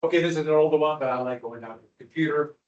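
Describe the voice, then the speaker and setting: A man's voice: on the high side, very fast, highs cut off. A male history teacher giving a classroom lecture, joking with his students and teasing them with questions.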